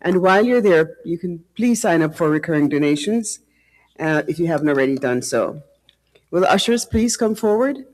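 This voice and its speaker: A man's voice: on the high side, expressive, normal speed, low-quality recording. A man leading a church service, thanking the speaker and announcing the offering in an upbeat way. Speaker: service leader. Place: church sanctuary.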